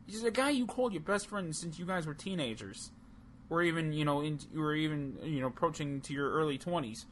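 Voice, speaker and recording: A man's voice: fairly high pitch, brisk, fairly bright tone, a little hiss or hum. A man co-hosting a casual wrestling podcast, talking heatedly and profanely, rambling with many restarts. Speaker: podcast co-host. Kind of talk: casual chat.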